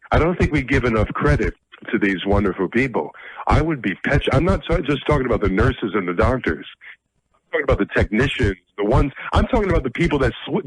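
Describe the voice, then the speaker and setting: A man's voice: medium pitch, breathy edge, poor audio. A middle-aged man hosting a radio talk show, speaking bluntly and combatively, with a self-deprecating edge.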